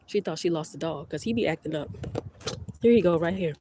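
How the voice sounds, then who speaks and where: A middle-aged woman hosts a casual livestream from her garden, chatting and rambling to viewers on a phone held close in her hand. Her low, mellow voice runs a little fast, with slight background noise.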